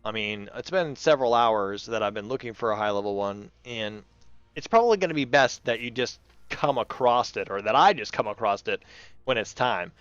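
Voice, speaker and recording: A man's voice: on the low side, lively intonation, moderate pace, a bit bright, smooth, dry recording, lo-fi sound. A man hosting his gaming channel, chatting and rambling through his gameplay and talking to the animals in the game. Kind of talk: casual gameplay commentary.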